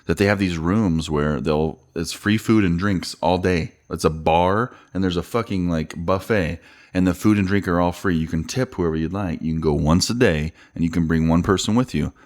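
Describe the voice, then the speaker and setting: Low-voiced guy on a podcast, chill, cussing, telling stories and laughing. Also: moderate pace. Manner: laid-back, swears freely, tells stories with laughs. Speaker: podcast co-host. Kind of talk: casual chat over drinks.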